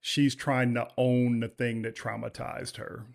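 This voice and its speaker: A man co-hosting a podcast, chatting casually about a TV series, easygoing and quick to laugh. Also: mid-range voice, little pitch movement, vocal fry. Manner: easygoing, laughs often, many short agreements. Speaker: podcast co-host. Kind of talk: casual TV review chat.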